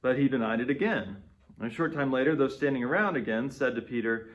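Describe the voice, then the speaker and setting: A man's voice: mid-range voice, fast, lo-fi sound. A man reading scripture and reflecting on it as a devotional speaker. He talks in a conversational way and often checks in with "right?". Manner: conversational, tags points with "right?".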